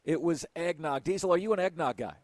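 A man with a high voice hosts a radio show on location, riffing in an animated, playful way. His voice sounds dry and close. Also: fast, no room sound. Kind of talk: lively on-location radio chat.

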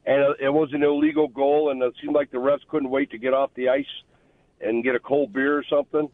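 A man's voice: mid-range voice, steady tone, a little fast, dry recording. Rambling male caller on a phone line. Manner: rambling, reminiscing, with fillers. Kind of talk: call-in to talk radio.

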